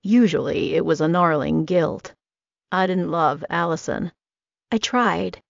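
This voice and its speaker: A woman's voice: fairly low pitch, a little slow, gravelly, no echo. A woman narrating a first-person audiobook romance in a wry, comic storytelling manner. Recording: dry, dull lo-fi recording.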